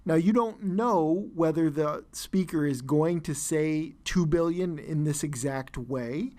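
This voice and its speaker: A man teaching an exam listening lesson, explaining answers in a measured way with frequent fillers and restarts. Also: on the high side, darkish tone. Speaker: test-prep teacher.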